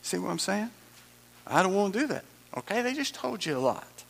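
A man's voice: high-pitched, very animated, a little fast, gravelly. A male pastor, preaching a sermon emphatically, repeating lines and adding dramatic asides.

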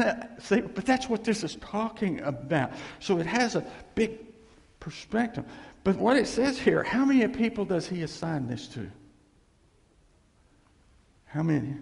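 A pastor with a high, very animated voice preaches a sermon, telling stories and drawing in the congregation with repeated questions and amens. He speaks a little slowly with vocal fry and frequent pauses, in a big-room sound.

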